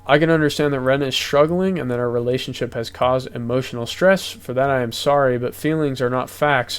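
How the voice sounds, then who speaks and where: Young guy, mid-range voice, casual reaction commentary, gets steamed and loud. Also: medium pitch, clear, resonant tone. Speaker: commentary youtuber. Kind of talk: reading and reacting to a document.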